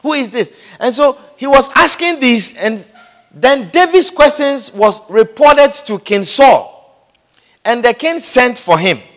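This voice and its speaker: A man's voice: very high voice, expressive, takes it slowly. A man preaching a sermon, emphatic and repeating his phrases, calling out amen, recorded in an echoey church hall.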